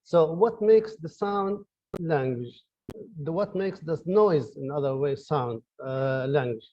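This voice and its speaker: A man's voice: on the high side, slow pace, darkish tone, lo-fi sound. Male professor, hesitant lecture. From Libya. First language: Arabic. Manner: hesitant, many fillers and restarts. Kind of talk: online lecture. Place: his office.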